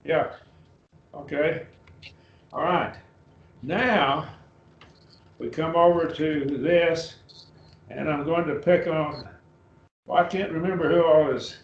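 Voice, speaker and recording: A man teaching a Bible class, going through Greek words at an easy, halting pace and calling on students by name. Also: fairly high pitch, fairly even intonation. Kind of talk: Bible class lesson, Greek word study. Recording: roomy, dull lo-fi class recording.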